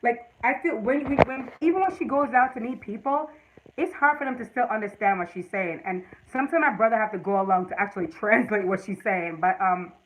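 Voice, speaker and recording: A woman's voice: fairly high pitch, fairly quick, a little hiss or hum, low-quality recording. A woman from Jamaica with a Jamaican accent, casually chatting to viewers on her livestream and telling stories in a rambling, emphatic way. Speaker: livestream host.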